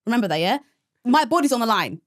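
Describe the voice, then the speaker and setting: Young woman rattling off a story super fast, dry close mic. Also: on the high side, no echo. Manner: animated, fast storytelling with many fillers and squealed quotes. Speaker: podcast co-host. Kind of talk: casual chat, storytelling. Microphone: podcast microphone.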